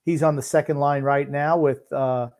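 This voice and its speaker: A man co-hosting a sports podcast and reacting to a live game in casual chat, dry and gruff, with long pauses between thoughts. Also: fairly high pitch, steady tone, darkish tone. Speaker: podcast co-host. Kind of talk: casual sports commentary while watching a game.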